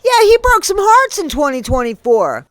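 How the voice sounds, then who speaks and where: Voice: high voice, wildly swooping pitch, normal speed, fairly bright tone, dry recording. A commentary creator angrily ranting at someone, accusing him directly and spelling out swear words letter by letter. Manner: heated, accusing, addresses the subject directly.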